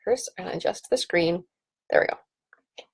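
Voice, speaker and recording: A woman's voice: fairly low pitch, moderate pace, creaky, slightly rough. A woman in her thirties hosting a casual home live stream, chatting in a rambling way with ums and restarts, into a computer webcam. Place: home office.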